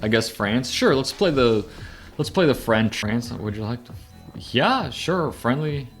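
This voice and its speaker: Rambling, excitable male game streamer. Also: mid-range voice, a little slow, faint music behind. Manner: rambling, laid-back, bursts into excited shouts. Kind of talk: casual live gameplay commentary.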